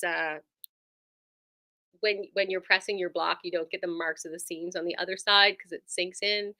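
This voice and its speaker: A woman's voice: on the low side, bright, forceful tone. A woman who runs a quilt shop, chatting enthusiastically through a casual product demo with lots of ums and likes.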